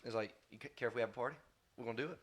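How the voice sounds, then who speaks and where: A man's voice: medium pitch, rapid-fire. A man, rambling through family stories in a casual podcast chat. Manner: rambling, says "or whatever" a lot. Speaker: podcast co-host.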